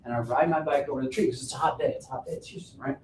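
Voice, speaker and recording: A man coaching an audience through a joking, self-mocking personal story, told with lively energy. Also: rapid-fire. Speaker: business coach and speaker. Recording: roomy and distant with faint rumble.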